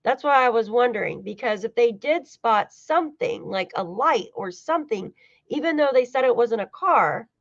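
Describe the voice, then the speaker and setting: This American true-crime livestream host has a slightly high, animated voice and a moderate pace. She's chatty, swears, laughs often and talks to her chat, heard through dull, lo-fi audio that feels dry and close with no room echo.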